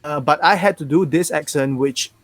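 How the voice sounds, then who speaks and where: A young man with a slightly high voice and a neutral Singaporean English accent talks at a moderate pace with no room sound. A native Mandarin speaker, he's a guest actor in a casual interview, speaking frankly and animatedly with many restarts.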